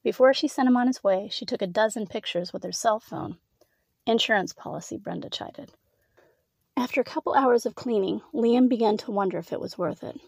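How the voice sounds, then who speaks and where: A woman narrating a scripted erotic story in an even, measured reading. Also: a little high, gravelly, no room sound.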